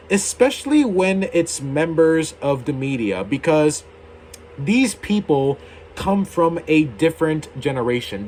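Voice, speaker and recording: A man's voice: a little high, a little mellow, slight background noise. A young adult man hosting his own video channel, ranting in a heated, indignant way and swearing casually. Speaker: YouTuber.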